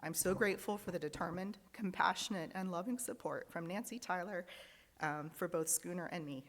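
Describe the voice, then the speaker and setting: A woman with a lowish voice reads out joys and sorrows to a congregation, earnest and heartfelt. Her words carry a long reverb from a large hall. She reads at a steady, measured pace. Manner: earnest, reading aloud, emotional at times. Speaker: lay worship leader. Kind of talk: reading joys and sorrows in a service.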